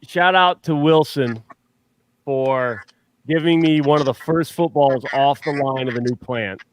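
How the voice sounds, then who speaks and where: A man's voice: mid-range voice, measured pace. A man who is a guest on a casual sports livestream, joining by video call and cracking jokes and teasing the others. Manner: wisecracking, teasing. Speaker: guest, fan captain.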